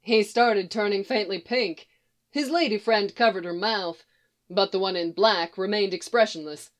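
Woman reading fiction aloud, expressive. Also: medium pitch, moderate pace. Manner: expressive, steady storytelling. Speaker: reader.

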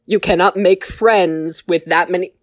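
A woman's voice: lowish voice, steady tone, a little slow, no room sound, clean studio sound, close to an everyday voice. A woman doing an exasperated, scolding council. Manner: scolding, incredulous. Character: exasperated council of Jedi masters.

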